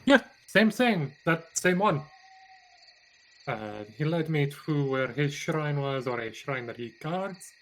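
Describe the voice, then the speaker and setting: A gentle, devout woodcarver who muses aloud, as a man plays him in a tabletop game. The voice sits a little high for a man, and the speech pauses often on soft uhs. A faint hiss runs under it. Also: expressive, poor audio. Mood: musing. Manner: thoughtful, hesitant with many uhs. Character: calm gentle man, whittling, devout nature worshipper. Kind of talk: in-character tabletop role-play.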